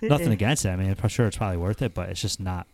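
Mellow low-voiced man, laid back. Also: rapid-fire. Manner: relaxed, agreeable, short replies. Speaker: podcast co-host. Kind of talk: casual chat. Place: home.

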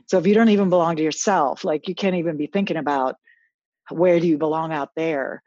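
Woman guest, coach type, earnest, restarts a lot; low-ish voice, dry dull recording. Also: a little fast, darkish tone, dry recording. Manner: earnest, reflective, frequent restarts. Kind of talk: casual interview chat.

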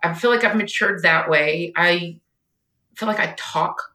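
Bright-voiced woman in an echoey room. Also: lowish voice, measured pace. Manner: animated, tearful retelling, quotes others in her own voice. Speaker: podcast guest. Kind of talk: emotional personal storytelling.

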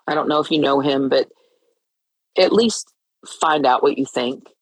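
A middle-aged woman speaks heartfelt and earnest on her podcast, stumbling and restarting as she goes. Her voice is husky and a little breathy, as if she has been crying. The sound is dry and close, with no room around it. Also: very deep voice, a little slow, no room sound, low-quality recording. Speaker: podcast host. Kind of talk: personal faith podcast talk.

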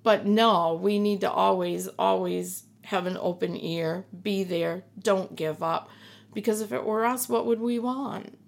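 The host's mother, a middle-aged woman, is a guest on the podcast, speaking in a gravelly, mid-range voice at a measured pace. Earnest and reassuring in this emotional conversation, she often repeats things for emphasis.

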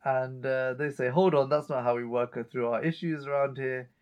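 A man's voice: medium pitch, steady tone, normal speed, smooth, dull audio. A man co-hosting a chat show, casually retelling a TV episode scene by scene and reading out the characters' lines. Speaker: podcast co-host recapping an episode.

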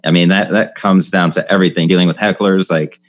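A man hosting an interview, asking relaxed, somewhat hesitant questions about stand-up comedy. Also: deep voice, a little fast. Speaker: podcast host.

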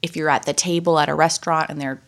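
A young woman co-hosting a podcast speaks fast in a deep voice during a casual chat. Lively and relaxed, she explains things with plenty of fillers.

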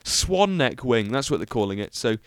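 A man's voice: medium pitch, very animated, normal speed, smooth, dry recording, clean studio sound. A young British man hosting a solo car-review podcast, talking in a rambling, enthusiastic, self-mocking way with lots of fillers. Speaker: podcast host.

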